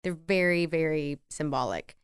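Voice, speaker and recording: A woman's voice: low-pitched, moderate pace, clean tone, no room sound, clean studio sound. Reflective middle-aged woman with a country accent. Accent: American rural. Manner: reflective, rambling, laughs easily. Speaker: podcast co-host. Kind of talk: casual chat.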